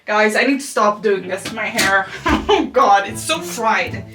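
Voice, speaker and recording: A woman's voice: medium pitch, normal speed. A young woman vlogging casually at home late at night, swearing constantly in a frustrated, self-mocking way. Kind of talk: casual talk to camera. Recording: distant mic with music behind.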